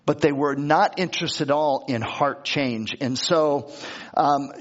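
A man's voice: fairly high pitch, unhurried, dull audio. A male pastor preaching a sermon in a conversational way, often restarting and repeating words as he reads and explains scripture.

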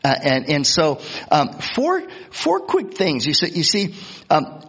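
A man's voice: a little high, wildly swooping pitch, takes it slowly, fairly bright tone, husky, highs cut off. A man preaching a sermon as pastor in a conversational way, repeating words and acting out quoted voices. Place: church.

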